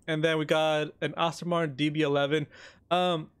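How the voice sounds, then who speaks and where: A man giving casual, joking gameplay commentary, excitable and sometimes talking with his mouth full of cookie. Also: on the high side, normal speed, clear, resonant tone. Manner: excitable, joking, talks while eating. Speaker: gaming YouTuber.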